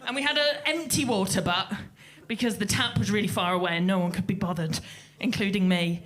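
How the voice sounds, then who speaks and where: A woman telling a lively anecdote on stage, acting out the quotes as she goes. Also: medium pitch, fairly quick. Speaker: festival crew member telling a story.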